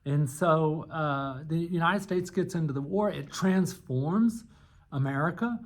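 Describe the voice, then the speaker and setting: A man's voice: a little high, a little slow. A man teaching a history class in a loose, conversational lecture, with frequent fillers and restarts. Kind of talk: unscripted recorded lecture.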